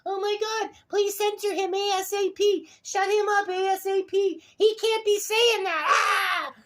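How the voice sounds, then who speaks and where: A man voicing a frantic, shrieking male official in a mocking falsetto. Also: fairly even intonation, a little slow, a bit bright. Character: panicky shrill official, male adult, frantic.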